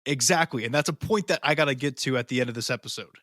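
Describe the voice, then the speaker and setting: A man's voice: mid-range voice, fast talker, fairly bright tone, no room sound, studio quality. A man co-hosting a podcast, reading segment introductions and dropping crude joking asides in casual chat. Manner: crude jokey asides between read segments. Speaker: podcast co-host.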